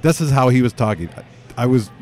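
Animated man rambling through a funny story. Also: medium pitch, fast talker. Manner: rambling, animated, self-interrupting. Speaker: radio show host. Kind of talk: casual comic storytelling.

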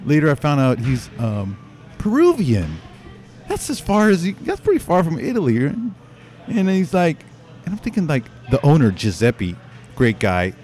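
A man's voice: a little high, moderate pace. A male radio show host telling a rambling comic story, restarting and interrupting himself as he goes. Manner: rambling, animated, self-interrupting.

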